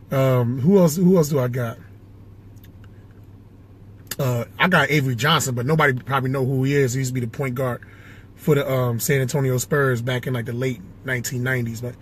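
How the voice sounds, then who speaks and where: A man's voice: medium pitch, fairly bright tone, slightly rough. A man chatting loosely and swearing as he tries out impressions, talking to himself inside a car. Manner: rambling, self-talking, swears often. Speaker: amateur impressionist. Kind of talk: casual impressions vlog.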